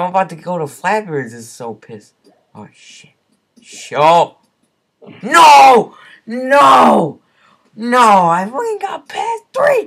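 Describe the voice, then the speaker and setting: A young man giving profane, exasperated gameplay commentary as the host of a gaming channel, swinging between muttered curses and yells. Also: lowish voice, gravelly.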